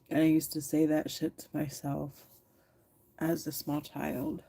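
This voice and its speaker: Her voice sits low, monotone and creaky yet mellow, moving at a measured pace. She's a woman in her thirties livestreaming from her phone, teary and frank as she reads chat, swears freely and retorts to commenters.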